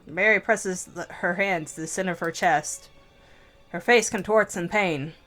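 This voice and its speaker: Let's-play host, a woman, low-pitched, slow measured visual-novel narration. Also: a bit bright, faint music behind. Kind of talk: reading a visual novel aloud.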